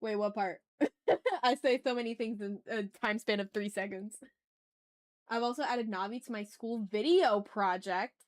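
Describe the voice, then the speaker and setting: In an unhurried, medium-pitched voice, a young adult art streamer chats casually while drawing live. She walks through each step aloud, with frequent apologetic asides and laughs at her own expense.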